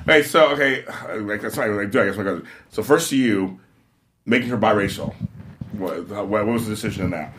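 A man hosting a casual interview, talking quickly and excitably with many restarts. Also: fairly low pitch, slight background noise. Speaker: interview host.

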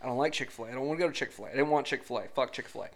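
A man telling stories about his kid in a casual chat, swearing and animated. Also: mid-range voice, rapid-fire. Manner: profane, animated storytelling.

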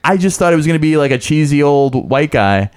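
Guy cohost, lively storyteller, pitch jumps around a lot, slightly high voice. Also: a little fast, clear, resonant tone. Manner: animated, acts out voices in a high squeal. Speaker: podcast co-host. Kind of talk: casual storytelling chat.

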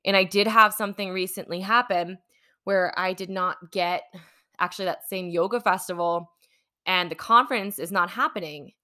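A woman's voice: mid-range voice, normal speed, bright, forceful tone. A woman hosting her own podcast, telling a personal story in a rambling, chatty way full of fillers. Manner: rambling, chatty, many "like" and "you know" fillers. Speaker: podcast host and manifesting coach.

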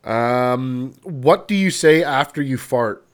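A man's voice: mid-range voice, expressive, slow pace, clean tone. A man hosting a podcast, asking brief, laid-back questions with fillers. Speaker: podcast host. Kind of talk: casual interview questions.

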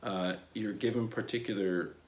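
A man's voice: fairly low pitch, fairly even intonation, normal speed, darkish tone. A man from Nebraska with a Midwestern American accent, co-hosting a podcast from a cabin with dry, laid-back humor, recorded through wireless earbuds. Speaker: podcast co-host. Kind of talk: casual podcast chat.

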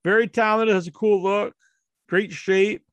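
A man's voice: sits high, steady tone, a little slow, fairly bright tone, no room sound. A man hosting his own show, counting down a ranking with jokey, rambling, crude asides. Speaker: host counting down a wrestler ranking. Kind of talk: casual solo commentary.

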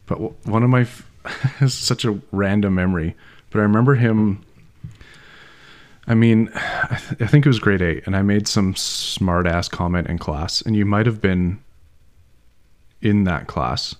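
A man's voice: lowish voice, measured pace. A man co-hosting a podcast, telling a school anecdote in casual chat and laughing often. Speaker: podcast co-host.

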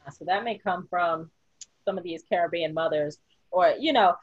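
Low husky woman on dull lo-fi audio. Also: normal speed, no echo. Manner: conversational, short affirmations. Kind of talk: podcast conversation.

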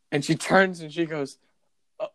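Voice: mid-range voice, no echo. A podcast host spinning a playful, insistent improvised story in casual chat. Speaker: host leading an improvised scenario.

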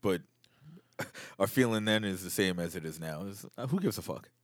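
A man co-hosting a podcast in casual chat, blunt and wry with quick comebacks. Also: low voice, lively intonation, dry recording, studio quality. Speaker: podcast co-host.

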